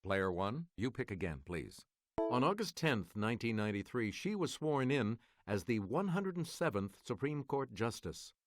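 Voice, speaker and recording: A man hosting a game show, reading quiz clues in a measured, formal manner. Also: medium pitch, sing-song.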